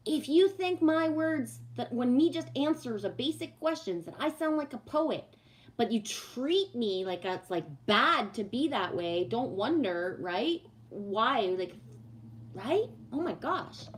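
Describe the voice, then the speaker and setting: A woman livestreaming casually to viewers, ranting bluntly and swearing freely, then reading oracle cards. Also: a little high. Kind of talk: casual live chat with viewers.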